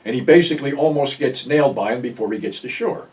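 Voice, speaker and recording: A man's voice: mid-range voice, quick pace, a little mellow, recorded from a distance. An older American man hosting a show, casually and bluntly recapping a film's plot with some swearing. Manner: blunt, profane storyteller. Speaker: film review host.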